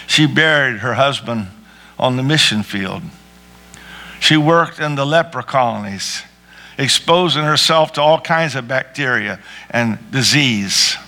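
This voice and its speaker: A man's voice: mid-range voice, bright, forceful tone. A man preaching a sermon with rising fervor, calling out to his congregation and breaking into prayer. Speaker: pastor.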